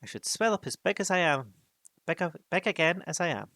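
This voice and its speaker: A man's voice: a little high, animated, a little fast, bright, forceful tone, no room sound, clean studio sound, voice pushed up. A man voicing a small, frightened male hobbit thinking aloud in an anxious, worried way.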